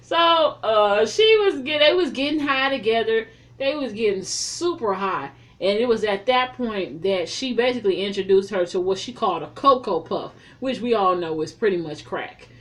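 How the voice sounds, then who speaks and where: A woman reviewing a film in a casual, profane recap, telling the story in an animated way with heavy slang. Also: mid-range voice, moderate pace, few pauses.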